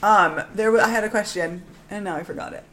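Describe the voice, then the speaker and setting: A woman's voice: medium pitch, quick pace, fairly bright tone. A woman co-hosting a podcast in casual chat, playful and teasing, laughing often. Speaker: podcast co-host.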